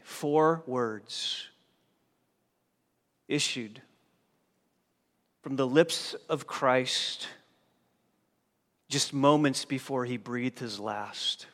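A male pastor preaching a sermon, dropping to a hush and then rising to loud, forceful emphasis. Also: mid-range voice. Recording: long hall reverb.

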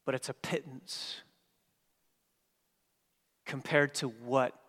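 A man preaching a sermon as pastor, dynamic, swinging from hushed passages to emphatic ones. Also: medium pitch, fairly even intonation, very slow, long pauses. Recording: long hall reverb.

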